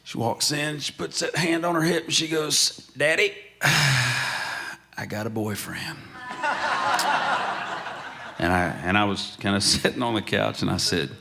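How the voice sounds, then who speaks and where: A man telling lively stories as a panel guest on a museum stage, often laughing as he gets to the punchline. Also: medium pitch, brisk, gravelly, few pauses, slight background noise. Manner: storytelling, laughs through punchlines. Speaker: panel guest, country singer. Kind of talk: animated anecdote telling.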